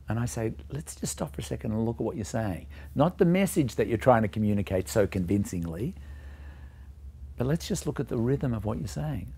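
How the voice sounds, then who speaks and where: A man who founded a music teaching program, explaining his ideas emphatically and voicing rhythms out loud to show them. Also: medium pitch, animated, brisk, gravelly, slightly rough. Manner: emphatic, vocalizing rhythms to demonstrate points. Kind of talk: explanatory talk to camera.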